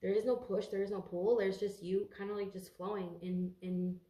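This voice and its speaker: A woman's voice: mid-range voice, level tone, moderate pace, mellow, echoey room. A congested woman giving a casual tarot reading to camera, rambling, swearing freely and stumbling over her words. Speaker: tarot reader.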